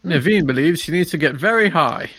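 A man's voice: on the high side, expressive, fairly quick, fairly bright tone, breathy edge, dry recording. A man chatting as a player in an online tabletop game, amused and chuckling. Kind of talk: casual banter at a tabletop game.

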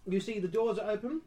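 A man's voice: high voice, mellow, a little hiss or hum. A man running a tabletop horror game, narrating scenes with dry jokes. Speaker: game master.

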